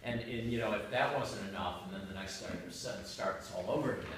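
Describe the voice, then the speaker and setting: A man's voice: fairly low pitch, brisk, a little hiss or hum. A man, a Catholic priest, giving an informal, joking homily to a congregation. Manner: conversational, joking, with rising emphatic asides. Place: church hall with a gathered congregation. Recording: echoey room, far from the mic.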